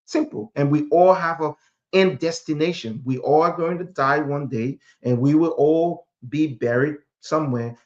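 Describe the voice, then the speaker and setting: A man's voice: on the high side, muffled recording. A man from Liberia talking earnestly on a podcast, often repeating words while he searches for a phrase. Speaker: podcast host. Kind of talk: reflective podcast talk.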